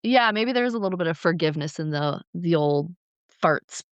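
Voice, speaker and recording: A woman co-hosting a podcast, casually retelling ancient myths with playful, animated flair. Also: lowish voice, moderate pace, smooth, no room sound, dull audio. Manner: animated, acts out characters, playful. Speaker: podcast co-host. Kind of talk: casual storytelling chat.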